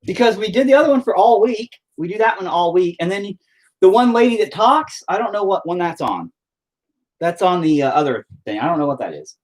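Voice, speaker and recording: A man's voice: high voice, lively intonation, a little fast, darkish tone, poor audio. A man chatting casually as he paints at home, rambling, swearing often and joking around. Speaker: artist painting on a stream. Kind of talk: casual chat while painting. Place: at home near the dining table.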